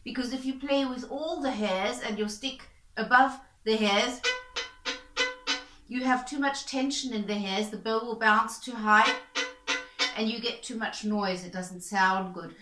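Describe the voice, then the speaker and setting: A woman with a bright, clear, fairly high voice teaches violin bowing technique. She explains calmly and patiently, step by step. The sound is roomy and echoey. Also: measured pace, soft background music. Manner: calm, patient, step-by-step coaching. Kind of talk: instructional explanation. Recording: echoey room. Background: violin playing between explanations.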